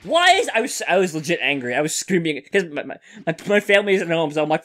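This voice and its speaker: A man co-hosting a casual gaming podcast, telling a story in an animated way and swearing freely. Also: a little high, fast, faint music behind. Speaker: co-host.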